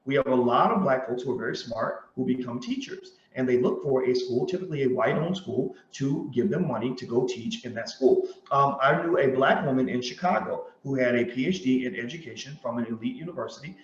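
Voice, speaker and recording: A man's voice: mid-range voice, lively intonation, fairly quick, few pauses. A man hosting a commentary monologue, who talks emphatically, repeats his points and tells stories with quoted dialogue. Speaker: host and commentator. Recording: roomy, dull lo-fi sound.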